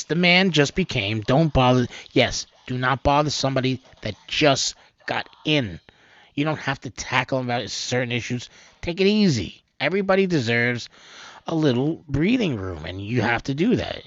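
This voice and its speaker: A man hosting a homemade news channel, rambling through the stories with loud outbursts and low mutters. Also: no room sound. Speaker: host of an amateur news channel. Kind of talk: rambling off-the-cuff news commentary. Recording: dull, lo-fi, dry sound.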